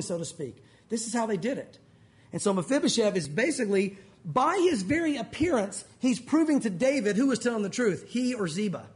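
Guy preaching, voice swings way up and down, jokey and folksy. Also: sits high. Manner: animated, joking, folksy asides. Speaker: pastor. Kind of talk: sermon.

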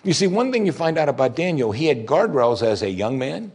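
A man's voice: on the high side, sing-song, brisk, a little mellow, breathy edge. A man preaching a sermon, reading scripture aloud and commenting on it with rising emphasis. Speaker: pastor.

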